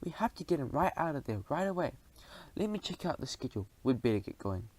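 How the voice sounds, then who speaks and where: A bossy, breezy lady mouse from a storybook, teasing her brother with a raised, brisk voice, as a male reader puts her on. She scolds and jokes in quick, lifted lines. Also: a little high, big pitch swings, a little mellow, slightly rough. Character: bossy, breezy adult female mouse, the narrator's sister. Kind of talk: audiobook character voice.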